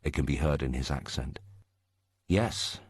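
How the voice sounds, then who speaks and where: A man reading a story aloud in a steady, scripted narration. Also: rumbling low, measured pace, dry recording, studio quality.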